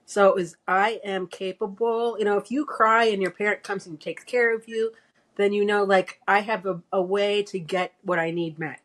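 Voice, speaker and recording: A woman's voice: medium pitch, fairly even intonation, moderate pace. A woman in casual conversation, explaining ideas at length in an easygoing way. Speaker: podcast co-host. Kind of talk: casual chat.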